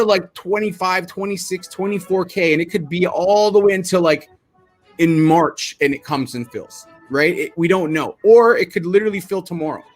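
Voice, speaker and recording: A man with a slightly high voice talks through trading charts in a loose, conversational way. He is animated, restarts his sentences and acts out how panicked traders react. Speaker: crypto trader. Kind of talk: casual explanatory chat over charts.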